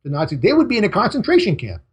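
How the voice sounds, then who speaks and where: Man, interview guest, husky voice, somewhat high pitch, emphatic, short punchy sentences. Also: wildly swooping pitch, racing. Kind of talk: casual interview talk.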